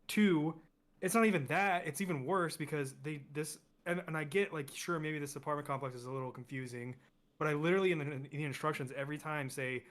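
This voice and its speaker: A man's voice: mid-range voice, steady tone, fairly bright tone. A young man co-hosting a casual podcast chat, ranting with exasperation and speeding up as he gets heated. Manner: ranting, exasperated, fast bursts when heated. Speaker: podcast co-host.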